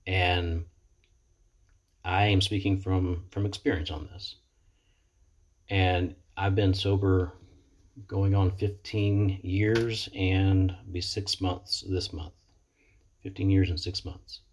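A man in recovery speaks into his computer's webcam mic, sharing his experience in an earnest, reflective motivational talk. His low voice is flat and slow, with long pauses, and he often stops to repeat himself.

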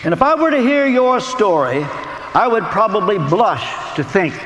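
Brief: male preacher, earnest storyteller, high lively voice, roomy tent echo. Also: a little hiss or hum. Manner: storytelling, earnest, dramatic pauses. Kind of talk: sermon. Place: big top tent.

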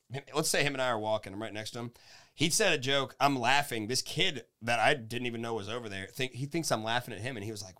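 A man telling rowdy road stories in casual podcast chat, laughing often and swearing freely. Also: medium pitch. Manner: animated, laughing, profane storyteller.

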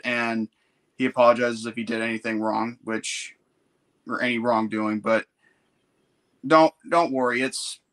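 A man hosting a podcast talks in a loose, meandering way, padding every thought with filler words. His voice has a bright, forceful edge at a middle pitch. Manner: meandering, full of "you know" fillers. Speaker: podcast host. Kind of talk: casual chat.

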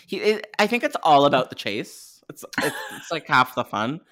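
A man co-hosting a casual podcast, making wry jokey asides and sometimes trailing off into hushed mutters. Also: on the high side, very animated, normal speed, noisy background. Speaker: podcast co-host. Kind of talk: casual chat.

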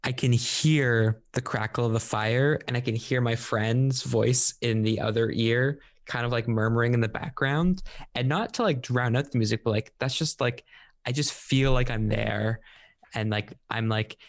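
A man's voice: mid-range voice, normal speed, no room sound, clean studio sound. A man co-hosting a casual music podcast, searching for words and musing hesitantly with many ums and likes. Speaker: podcast co-host.

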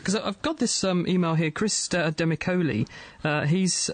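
A man with an English accent hosting a radio science show, quick and jokey as he reads out listener emails. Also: sits high, no echo. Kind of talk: lively radio science chat. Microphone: studio microphone.

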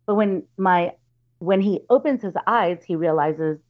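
A woman tells a spooky family story in a relaxed, chatty way. She trips over her words and restarts often, and slips into her relatives' voices. Her voice sits a little low, and the audio is somewhat dull and lo-fi. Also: unhurried. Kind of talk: casual storytelling.

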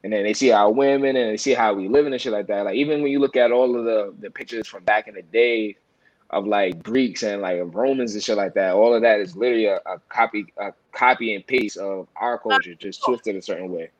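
Low-voiced rambling New man. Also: fairly quick, highs cut off. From New York. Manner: rambling, filler-heavy, many restarts. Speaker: podcast co-host. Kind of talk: casual chat.

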